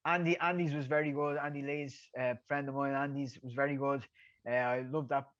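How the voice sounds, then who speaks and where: A man's voice: medium pitch, flat delivery, a little fast, fairly bright tone, lo-fi sound. A middle-aged Irish man, a guest telling stories in a rambling way, repeating words and laughing at his own tales. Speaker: guest, former boxer. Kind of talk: casual storytelling.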